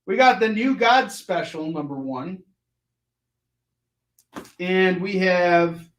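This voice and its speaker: A man hosting a live comic shopping show, giving an animated, jokey sales pitch and shouting silly sound effects. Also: slow pace, reverberant.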